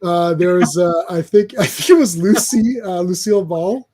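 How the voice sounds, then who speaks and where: A man's voice: high-pitched, normal speed, dark tone. A man hosting a casual comic book stream, chatting in a rambling way with lots of restarts and laughter. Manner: rambling, laughing, trailing off mid-thought. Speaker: podcast host. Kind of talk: casual chat.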